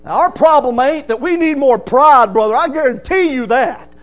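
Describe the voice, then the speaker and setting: Preacher guy, really high voice, loud emphatic sermon, mains hum in the back. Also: normal speed. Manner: emphatic preaching with rising shouts and "amen" calls.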